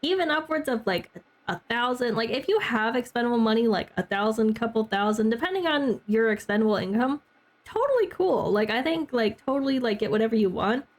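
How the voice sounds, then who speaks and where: Her voice is on the high side, expressive and a little fast. She's a young woman streaming a game, chatting casually with her viewers, using "like" a lot and laughing frequently.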